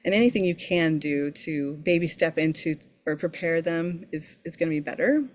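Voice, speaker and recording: A woman's voice: low-pitched, moderate pace, a little mellow. A woman sleep coach as a podcast guest, speaking earnestly and emphatically, often repeating words as she thinks. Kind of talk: podcast interview.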